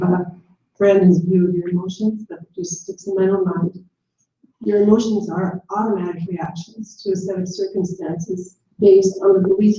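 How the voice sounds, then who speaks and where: A woman's voice: mid-range voice, dark tone, a little hiss or hum. A woman in the audience giving a confident explanation. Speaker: audience member commenting. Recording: echoey hall, distant, dull lo-fi.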